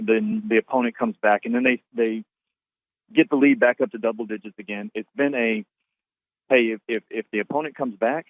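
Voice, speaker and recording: A man giving casual sports radio analysis over the phone. He talks in a halting way and repeats words while he thinks. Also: medium pitch, no room sound. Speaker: basketball analyst. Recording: tinny phone line.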